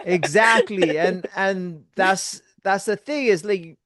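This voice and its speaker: A man's voice: sits high, slow pace, fairly bright tone, no room sound. A man hosting a podcast, laid-back and encouraging, with casual slang. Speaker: podcast host.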